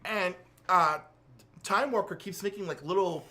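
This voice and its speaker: High, animated man recapping a comic. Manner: animated, acts out characters' lines in quick voices. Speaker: podcast co-host. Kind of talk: casual comic book recap.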